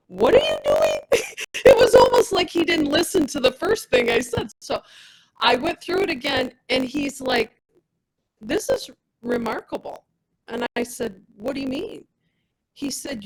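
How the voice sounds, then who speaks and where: Gravelly, animated woman telling her story. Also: on the high side, rough recording. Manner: animated, reenacts dialogue with others. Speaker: testimonial speaker, product rep. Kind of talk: personal testimonial story.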